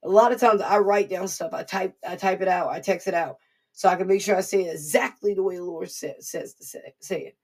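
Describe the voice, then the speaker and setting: A woman's voice: fairly low pitch, fairly quick, a little mellow. A woman giving an informal devotional sermon in an earnest, repetitive, conversational way. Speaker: preacher.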